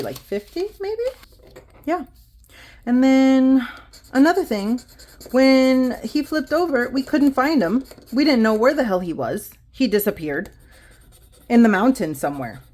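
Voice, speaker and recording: A woman's voice: a little high, a little mellow. Budgeting vlogger, female, 30s, chatty and rambling, talks straight to viewers. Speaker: budgeting vlogger stuffing cash envelopes. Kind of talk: casual chatty vlog while counting cash.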